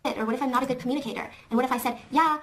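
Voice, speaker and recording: Woman storyteller, quick and very high, earnest and self-questioning. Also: flat delivery. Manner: earnest, emotional, self-doubting. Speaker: YouTuber recounting a conflict. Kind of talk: personal storytime.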